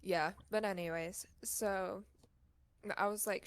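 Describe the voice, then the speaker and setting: A woman's voice: mid-range voice, steady tone, normal speed, no room sound. A young woman co-hosting a casual podcast, telling a story in a chatty way, acting out what people said and laughing often. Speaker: podcast co-host.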